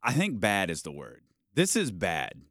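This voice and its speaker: A man hosting a sports talk show, arguing his point in a casual, animated way and acting out how people might react. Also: deep voice, unhurried, no echo, studio quality. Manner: animated, argumentative, acts out quoted reactions.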